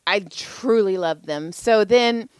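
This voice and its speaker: A middle-aged woman co-hosting a podcast, chatting casually and telling animated stories, slipping into voices. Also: mid-range voice, slow pace, clear, resonant tone, no echo. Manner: animated storyteller, mimics voices. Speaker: podcast co-host. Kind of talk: casual chat.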